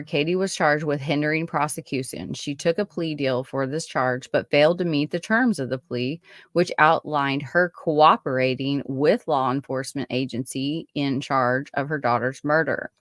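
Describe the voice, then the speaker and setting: Her voice is deep, and the studio-quality audio carries no room sound at all. Hosting her true-crime podcast, she reads through her own case write-up in a relaxed way, chatting between passages with frequent fillers, restarts and side comments.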